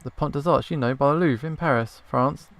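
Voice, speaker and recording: A man's voice: medium pitch, a little fast, lightly acted. A man voicing a friendly, easygoing fisherman in a video game, speaking in a casual, helpful way.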